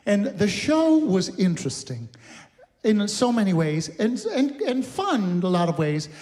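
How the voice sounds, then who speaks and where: High-voiced man telling campy stage stories. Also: wildly swooping pitch, a little slow, darkish tone. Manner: chatty, campy storytelling with frequent laughs. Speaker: cabaret singer and host. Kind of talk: live cabaret stage patter. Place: recording studio, live stream.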